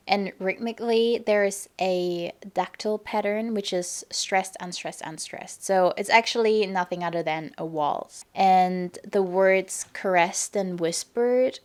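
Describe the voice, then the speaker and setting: A young woman from Germany hosting a podcast, calmly explaining and analyzing her own poetry and reading verse aloud. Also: mid-range voice. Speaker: podcast host. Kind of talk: casual explanatory monologue on poetry.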